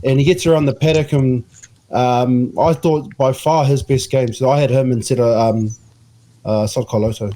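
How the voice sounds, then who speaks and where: A man chatting casually about rugby, relaxed and a bit hesitant. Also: medium pitch, moderate pace, a little hiss or hum.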